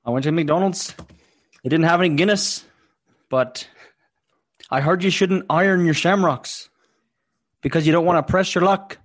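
A man's voice: a little high, moderate pace, pauses often, pitched above the performer's own voice, close to an everyday voice. A man putting on a cheerful leprechaun character with an exaggerated fake Irish accent, telling jokes.

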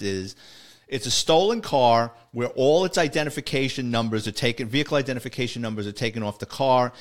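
Rambling middle-aged New ex-cop storyteller. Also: male voice, mid-range voice, fairly bright tone. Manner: rambling, self-correcting, acts out quoted dialogue. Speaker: retired police officer telling stories. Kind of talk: casual podcast storytelling.

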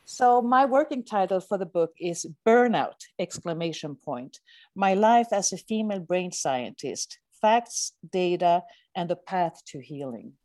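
Animated woman brain scientist, dry sound. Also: fairly low pitch, a little slow, dry recording. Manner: animated, laughs often. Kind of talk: podcast interview.

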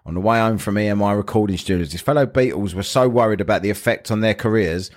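A man's voice: lowish voice, fast talker, a little mellow. A man hosting a casual podcast chat, joking, rambling and laughing often. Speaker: podcast host.

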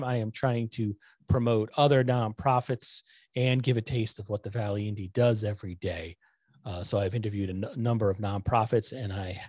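A middle-aged man hosting a casual livestream from home, rambling and joking at his own expense, a little hoarse from talking. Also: lowish voice, a little mellow, no room sound, studio quality. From Connecticut. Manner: rambling, self-deprecating, joking. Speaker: host of a nonprofit news livestream. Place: home room lit with LED lights. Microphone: desktop microphone.

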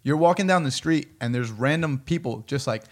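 A man's voice: mid-range voice, brisk. A young man from New Jersey talking casually on a podcast, profane and opinionated, riffing with friends. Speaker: podcast host. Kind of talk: casual chat.

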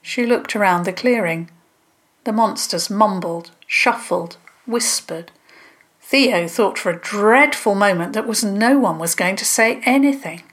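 A woman reads a children's story aloud at a slow, careful pace. Her voice sits mid-range and her narration is gentle and even. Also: medium pitch.

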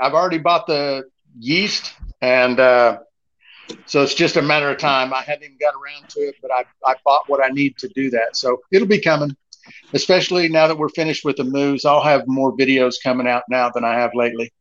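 A man co-hosting a podcast, explaining things in a steady, earnest way in casual chat. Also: medium pitch, brisk. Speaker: podcast co-host. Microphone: earbuds mic. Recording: muffled lo-fi call audio.

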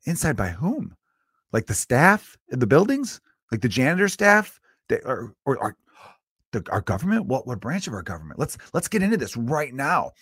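A man's voice: mid-range voice, wildly swooping pitch, moderate pace, fairly bright tone, husky, no room sound. Profane ranting man, dry sound. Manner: loose, rambling with many fillers. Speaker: podcast host. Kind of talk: solo podcast rant.

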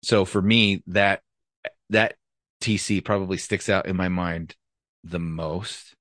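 A man's voice: low-pitched, a bit bright, no echo. A man, a former police officer, telling a story from his career in a blunt, profane, casual way. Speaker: retired police officer, podcast host.

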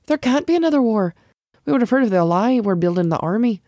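A woman's voice: fairly high pitch, lively intonation, fast, dark tone, dry recording, studio quality, pitched above the performer's own voice, close to an everyday voice. A woman reading the part of a young, worried village man. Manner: anxious, protesting.

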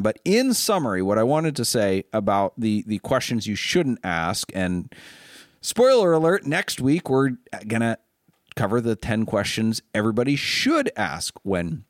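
A man who is both a car dealer and host of a casual car show chats loosely, stammering through his restarts. His voice is on the low side with lively intonation and a moderate pace, recorded in a clean, dry studio.

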